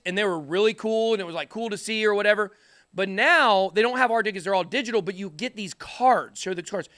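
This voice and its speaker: A middle-aged man hosting a crypto channel in casual, energetic, rambling chat to the camera with jokey asides. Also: high voice, dry recording, clean studio sound.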